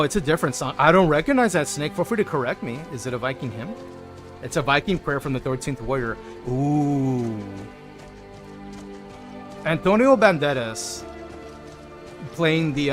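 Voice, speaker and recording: A man's voice: medium pitch, lively intonation, a little fast, soft background music. Jokey man streaming a game. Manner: playful, jokey, greets chat by name. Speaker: livestreamer. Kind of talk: casual gameplay chat with viewers.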